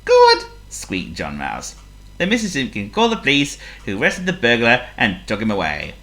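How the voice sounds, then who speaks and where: A woman reading a children's story aloud, expressive and playful, asking the listener questions. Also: very deep voice, moderate pace.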